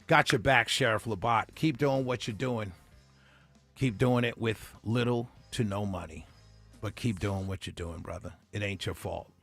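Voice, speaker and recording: A man's voice: lowish voice, unhurried, creaky, fairly bright tone, soft background music. A man hosting a radio talk show, ranting passionately and sarcastically into a studio microphone. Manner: heated, sarcastic, laughs between points. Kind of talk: impassioned on-air rant.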